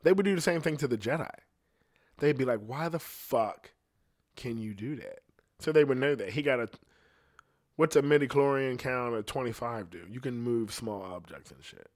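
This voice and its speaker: A man who sings talks on a podcast in a fairly quick, mid-range voice. His monologue is laid-back and rambling, studded with curse words and tangents.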